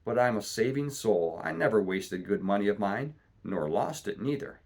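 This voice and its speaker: A man voicing a sick, rum-craving old pirate captain who talks in gruff, salty seaman's slang, reading a storybook aloud. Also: on the low side, animated, moderate pace. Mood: agitated. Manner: gruff salty seaman's talk, pleading then cursing.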